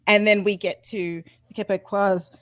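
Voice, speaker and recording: A woman's voice: medium pitch, flat delivery, moderate pace, a bit bright, dry recording, studio quality. A woman playing in a casual tabletop game, chiming in with short remarks and stories. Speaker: player.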